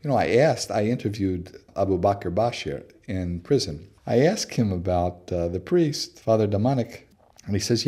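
Man guest, low and mellow voice, storyteller who acts out quotes, loose with "uh". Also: animated, normal speed, husky. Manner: anecdotal, acts out quoted dialogue, frequent "uh" fillers. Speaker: interview guest, researcher. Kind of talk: conversational storytelling interview.

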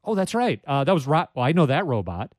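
A man hosts a radio call-in show in a chatty, self-deprecating way, with quick interjections between callers. His voice sits a bit high for a man. The studio sound is dry and close on the microphone. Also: sing-song, no echo. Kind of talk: casual radio call-in chat.

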